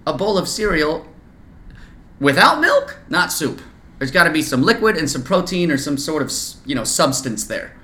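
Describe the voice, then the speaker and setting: A man in his thirties talks loosely as a podcast guest, his voice bright and swinging widely in pitch. He swears freely and laughs easily. The sound bounces around a roomy space. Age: 30s. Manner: animated, swearing, quick to laugh. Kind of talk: casual podcast chat. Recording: echoey room.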